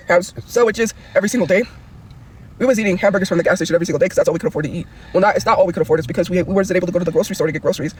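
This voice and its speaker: A woman's voice: fairly low pitch, slight background noise. A woman livestreamer ranting angrily and profanely, rambling from one grievance to the next.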